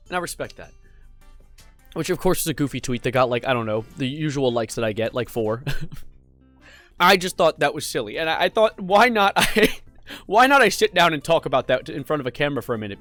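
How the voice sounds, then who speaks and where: A man's voice: a little high, fairly bright tone. A young man casually vlogging from home, goofy and rambling, with self-mocking asides. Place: home room with a cat. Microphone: desk mic.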